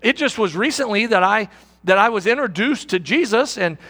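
A man voicing an excited young male Bible believer who gushes with eagerness. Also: sits high, moderate pace, full character voice. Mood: eager. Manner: eager, gushing.

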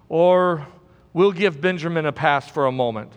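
A man's voice: sits high, animated, a little slow, a bit bright, long reverb tail. A man preaching a sermon as pastor, emphatic and repeating key words for stress.

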